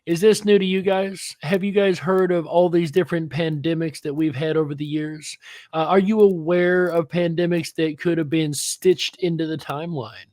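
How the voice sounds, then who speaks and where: A man's voice: a little high, fairly even intonation, moderate pace, a little mellow, no echo. A man hosting a casual panel chat, laid-back and full of fillers. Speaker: host.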